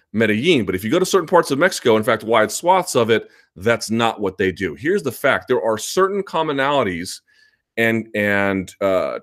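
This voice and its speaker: A man's voice: mid-range voice, fairly bright tone. A male host of a sports live chat, answering viewer comments in an emphatic, argumentative way and repeating his points.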